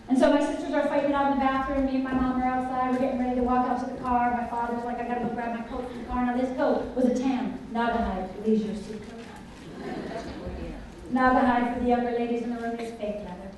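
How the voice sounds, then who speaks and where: A middle-aged woman telling a personal story to a conference audience, animated and often asking the listeners questions. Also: on the high side, fast talker, recorded from a distance, slight background noise. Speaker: conference speaker. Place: large conference hall. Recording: echoey hall, voice picked up from afar.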